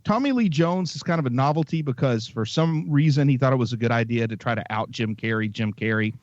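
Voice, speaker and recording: A man's voice: medium pitch, brisk, dry recording, dull audio. A man co-hosting a movie podcast in casual chat, wry and self-mocking. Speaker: podcast co-host.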